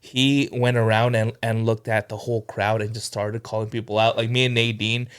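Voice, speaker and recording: A man's voice: fairly low pitch, level tone, normal speed, clean tone. Laid-back man telling a story. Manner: storytelling with filler words, laughs often. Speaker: podcast co-host. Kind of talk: casual chat.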